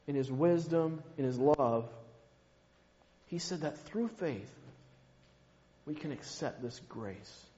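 A man preaching a sermon, slow and emphatic, dropping to a hush on key words. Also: a little high. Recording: muffled, long hall reverb.

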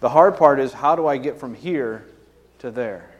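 A man's voice: mid-range voice, normal speed, big-room sound. A man preaching a sermon as pastor, in a conversational way with frequent tag questions and fillers.

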